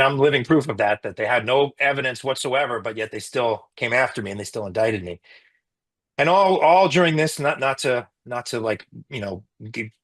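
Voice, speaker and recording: A middle-aged man, a physician, giving an emotional personal account in an interview, halting with many restarts. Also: mid-range voice, fairly bright tone, rough recording.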